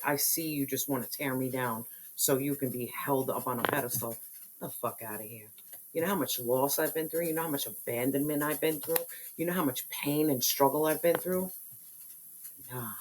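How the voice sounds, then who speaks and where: A woman's voice: extremely low pitch, a little hiss or hum, low-quality recording. Blunt fiery tarot reader woman. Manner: blunt, slangy and profane, fiery preaching tone. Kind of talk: spiritual tarot reading monologue.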